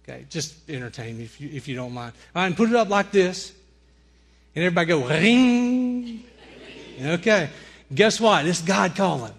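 A young man with a Southern drawl delivers a sermon in a storyteller's way. His voice sits fairly high, and he acts out every line of the tale with full energy. He turns the story into a lesson for his congregation. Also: a little fast, vocal fry, husky. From Alabama. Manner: animated storyteller, acts out screams and dialogue. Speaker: preacher.

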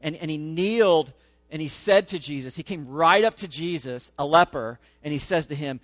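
A man's voice: fairly high pitch, normal speed, fairly bright tone, no room sound. A man pastor giving a conversational sermon, often checking in with the congregation with "okay?" and "right?".

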